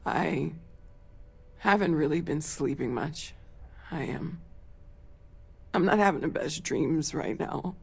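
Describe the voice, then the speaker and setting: An actress voicing a tired young woman crewmate in a video game, halting and apologetic, close to tears. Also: low voice, expressive, vocal fry, breathy edge, full character voice. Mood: sad.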